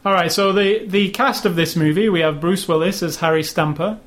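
A man's voice: sits high, brisk, fairly bright tone. A man, co-hosting a casual podcast chat, rambling with lots of fillers. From England. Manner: chatty, rambling, with frequent fillers. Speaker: podcast co-host.

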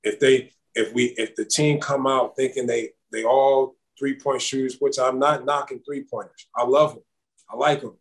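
A man's voice: medium pitch, low-quality recording. A man in the middle of his range talks as a podcast guest over a remote call. He is easygoing and chatty, looping back through "I, I" restarts as he builds his points. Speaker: podcast guest, former basketball champion. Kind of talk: relaxed conversational interview.

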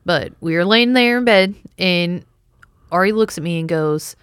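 A woman's voice: on the low side, moderate pace, a bit bright, clean tone, dry recording, studio quality. A woman in her thirties chatting casually, blunt and talkative, swearing freely. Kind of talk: casual chat.

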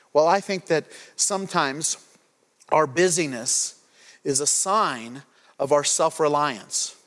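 A man's voice: a little high, fairly bright tone. A man preaching a sermon as pastor. He talks in a conversational, playful way and acts out prayers as asides. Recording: long hall reverb.

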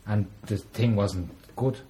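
A man's voice: on the low side, warm tone, a little hiss or hum. Blunt man in casual chat. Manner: blunt, swears, quick asides.

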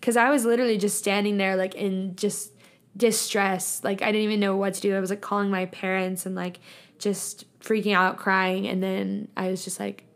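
A woman's voice: medium pitch, flat delivery, moderate pace. A young adult woman hosting a casual solo podcast, talking in a chatty, reflective and earnest way and filling her sentences with "like.". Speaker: podcast host.

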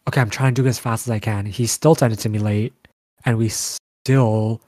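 A young man in casual chat, telling animated stories with lots of fillers. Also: lowish voice, fairly quick, no room sound. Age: young adult. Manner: animated storytelling, frequent fillers.

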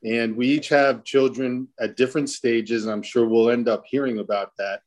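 Man moderating a panel, mid-pitched voice, casual and jokey, video call. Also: fairly even intonation, moderate pace, a little mellow. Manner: rambling, jokey, with restarts.

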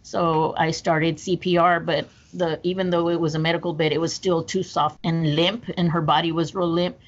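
A woman's voice: low voice, flat delivery, normal speed. A woman recounting a personal story as a guest, in an earnest, detailed way with small restarts. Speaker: podcast guest. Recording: slightly muffled with faint noise.

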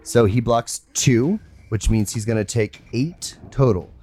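A man running a tabletop role-playing game as game master, narrating in a relaxed, laughing way with lots of fillers. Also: medium pitch, a little slow, faint music behind.

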